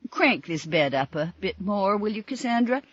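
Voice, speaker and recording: A woman's voice: mid-range voice, lively intonation, moderate pace, a bit bright, slightly rough, no echo, lo-fi sound, voice pushed up. A woman voicing a querulous, bitter elderly woman patient who complains and accuses. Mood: gossiping. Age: older.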